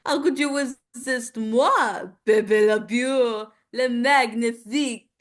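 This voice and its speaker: A love-struck male cartoon skunk purrs in a thick French accent, as a woman puts him on. He draws every word out slowly and theatrically, his voice pitched a little high. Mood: seductive. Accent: French, put on. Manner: slow, honeyed, theatrical wooing.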